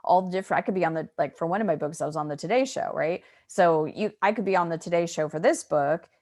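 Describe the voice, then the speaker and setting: Interview guest, middle-aged woman, low voice, dry close sound, chatty and upbeat. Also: fast talker, darkish tone, no echo. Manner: chatty, upbeat, many fillers like "you know". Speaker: author and guest. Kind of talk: casual interview.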